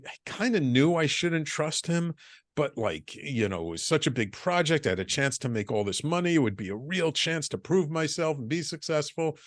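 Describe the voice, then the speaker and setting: A middle-aged man guesting on a podcast, telling his business story with lively acted-out dialogue and stumbling restarts. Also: medium pitch, no echo, studio quality. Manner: animated storyteller, acts out quoted dialogue, frequent restarts. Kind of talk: storytelling interview.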